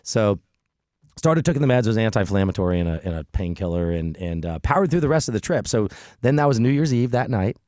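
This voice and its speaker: A middle-aged man hosting a podcast, telling a story in an animated, chatty way with frequent restarts. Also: fairly low pitch, a little fast, dry recording, clean studio sound. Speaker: podcast host. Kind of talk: casual storytelling chat.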